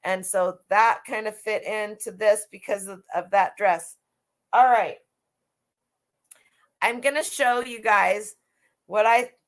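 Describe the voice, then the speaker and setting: A middle-aged woman who resells vintage clothing, chatting casually and rambling on a live stream with lots of restarts. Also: medium pitch.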